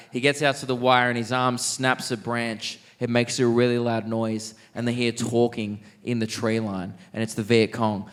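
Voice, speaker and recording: A young man from Australia doing stand-up comedy, telling stories in a lively way and acting out the people in them. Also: mid-range voice. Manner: animated, acts out characters with quick voice shifts. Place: large theatre stage.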